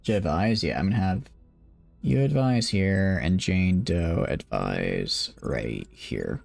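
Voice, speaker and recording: Young man, low gravelly voice, tired, rambling joking stream commentary, lively pitch, dry close sound, faint game music behind. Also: slow, dry recording. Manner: rambling, joking, self-deprecating. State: tired, late at night. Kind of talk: casual live-stream commentary.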